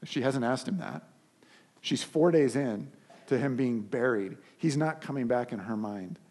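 Husky-voiced male preacher. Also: mid-range voice, measured pace. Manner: animated storytelling with frequent restarts. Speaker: pastor. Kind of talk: sermon.

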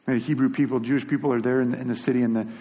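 A man's voice: medium pitch, flat delivery, rapid-fire, dark tone. A man giving an earnest, conversational sermon as pastor, often repeating and restarting his words. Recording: long reverb of a large hall.

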